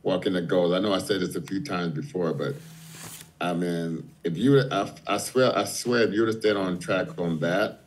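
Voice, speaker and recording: A man's voice: deep voice, moderate pace, slight background noise. A man on a casual talk show, talking in a teasing, playful way. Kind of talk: casual chat.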